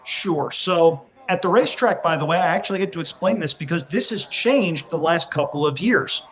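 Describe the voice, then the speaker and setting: Male podcast guest, slightly high voice, plain explainer, dry and practical. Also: expressive, moderate pace, a bit bright. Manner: matter-of-fact, explains with numbers. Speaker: podcast guest, racing handicapper. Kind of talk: casual chat.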